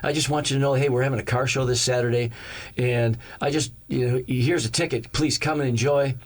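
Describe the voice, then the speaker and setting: A male pastor telling a story to his congregation. His delivery is lively, and he slips into the voices of the people in the story, bouncing up in pitch to play them. His own speaking voice sits at a middle pitch for a man. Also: brisk. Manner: animated, acts out each character's lines in the story. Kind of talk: storytelling sermon.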